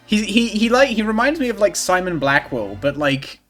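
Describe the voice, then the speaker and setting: Male streamer, higher-pitched, gushing and giggly; faint game music under the voice. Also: normal speed. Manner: excitable, gushing, laughs often. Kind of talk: casual gameplay commentary.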